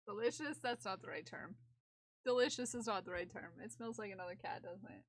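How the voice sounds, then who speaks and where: A young woman live streamer chatting casually to viewers and her cat, giggly and excitable, often laughing and squealing. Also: mid-range voice, fairly quick, no echo.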